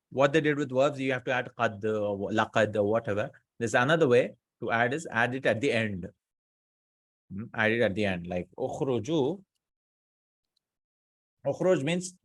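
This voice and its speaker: A man explains grammar points to a class in an unhurried, conversational way, often pausing to ask whether students follow. His voice sits in a middle pitch and is recorded dry and close, with little room sound. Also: dry recording. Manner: explains slowly in mixed Arabic and English, asks students checking questions. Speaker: Arabic grammar teacher. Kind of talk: casual classroom grammar lesson.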